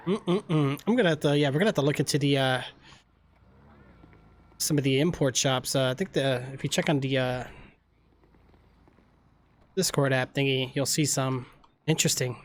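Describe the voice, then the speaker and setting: Streamer rambling thru a roleplay game, lots of ums, mid pitch, thinking out loud. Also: normal speed, long pauses, a little hiss or hum. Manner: rambling, many fillers, thinks aloud to viewers. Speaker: live streamer. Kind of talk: casual game roleplay chat.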